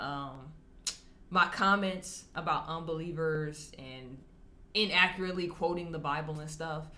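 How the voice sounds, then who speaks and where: A woman talking casually to camera as a vlogger answering viewer comments, chatty and candid, often laughing as she talks. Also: fairly low pitch. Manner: animated, acts out quoted people in shifting voices.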